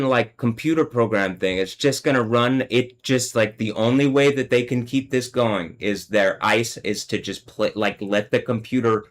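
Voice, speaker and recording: A man's voice: medium pitch, low-quality recording. A man hosting a solo livestream, talking in an agitated, swearing rant. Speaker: livestream host.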